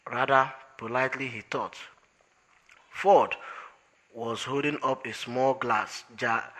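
A man reading an audiobook aloud as narrator in a measured, unhurried way. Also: mid-range voice, sharp tone, rough recording.

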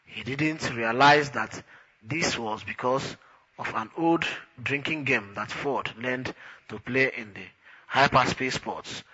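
A man reading a novel aloud in a dry, unhurried storytelling manner. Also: medium pitch, sharp tone, husky, dull audio. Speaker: narrator. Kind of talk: audiobook narration.

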